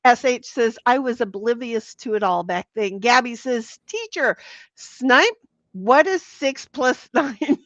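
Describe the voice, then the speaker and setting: A woman's voice: a little high, a little slow, a bit bright, no echo. A woman hosting a livestream, reading viewer comments aloud in a bawdy, giggly, teasing casual chat. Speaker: livestream host. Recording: dull lo-fi dry sound.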